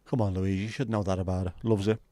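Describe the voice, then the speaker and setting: A man hosting a livestream banters with his viewers in a low, mellow, steady voice at a quick pace. His casual chat is packed with swearing, and the recording is dry.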